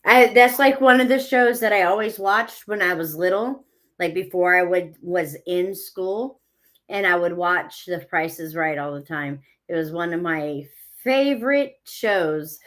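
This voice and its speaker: A woman's voice: on the low side, measured pace, a bit bright. A woman hosting a podcast, chatting casually and encouraging her guest. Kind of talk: casual chat.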